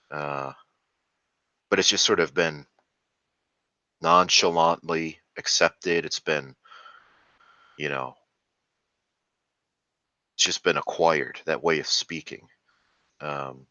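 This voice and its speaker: Very deep-voiced man, profane rant. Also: pushed and bright, no room sound, dull audio. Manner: profane, ranting, with frequent fillers. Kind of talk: rambling casual commentary.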